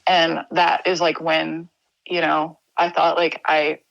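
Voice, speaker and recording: A young adult woman from Wisconsin, a podcast guest telling a personal story in an earnest, halting way with many restarts. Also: deep voice, level tone, gravelly, fairly bright tone, dry recording, highs cut off.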